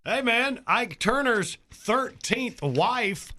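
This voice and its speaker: A man's voice: extremely high pitch, expressive, drawn-out words, sharp tone, voice pushed up, full character voice. An older man doing a brash impression of an older male rock singer in a comedy sketch, with a jokey, gossipy delivery.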